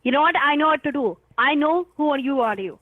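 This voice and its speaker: Shrill woman on a tinny phone line. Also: lively intonation, fast, dry recording. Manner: impatient, shouting, cursing, cackling. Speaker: phone scammer being pranked.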